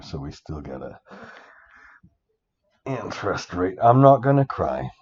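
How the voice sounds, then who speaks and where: Older male instructor, slow and mellow, rambling and self-interrupting, dull lo-fi capture. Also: low-pitched, slightly rough. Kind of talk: rambling screen-recorded spreadsheet tutorial.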